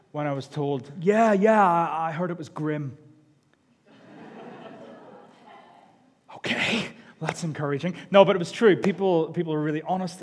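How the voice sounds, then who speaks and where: A man's voice: fairly high pitch, a little mellow. A man preaching a sermon in a conversational, self-deprecating way, often repeating his words. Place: church hall. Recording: long echo of a large hall.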